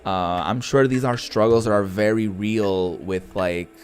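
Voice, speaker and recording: Rambling young man, deep voice. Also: a little slow, a little mellow, soft background music. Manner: rambling, heartfelt, many fillers and restarts. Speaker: gaming streamer. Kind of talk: casual gameplay commentary.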